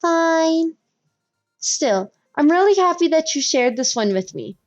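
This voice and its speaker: A woman's voice: sits high, very animated, slow pace, dull audio, faint music behind, pitched above the performer's own voice, heavily acted. A woman voicing a cheerful, bubbly teenage schoolgirl in a sweet, upbeat way.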